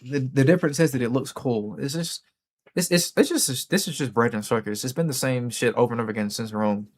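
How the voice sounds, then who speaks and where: Male streamer host, casual profane rant, mid-range voice, mocking asides. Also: fairly quick. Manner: profane, mocking, puts on high mock voices. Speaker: livestream host.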